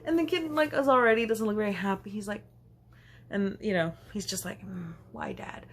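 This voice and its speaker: A young woman telling a rambling storytime anecdote for her vlog, chatty and quick to laugh. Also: medium pitch, expressive, a little hiss or hum. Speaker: vlogger. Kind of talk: casual storytime.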